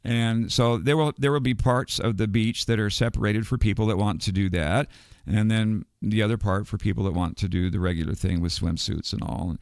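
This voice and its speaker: A man's voice: on the low side, steady tone, fairly quick, no echo, studio quality. An older man from the United States, a podcast guest telling a long story in a rambling, digressive way and chuckling between details. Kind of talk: casual storytelling.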